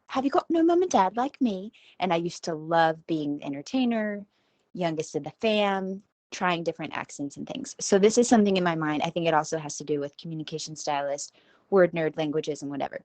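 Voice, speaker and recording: At home, a woman of around forty hosts a podcast, delivering a rambling, self-deprecating casual monologue and laughing at herself. Her voice is low-pitched, with no echo.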